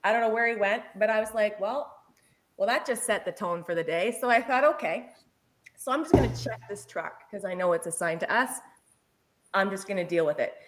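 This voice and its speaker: A woman in her forties, a paramedic, telling a work story in casual chat, lively and often laughing. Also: medium pitch, a little fast.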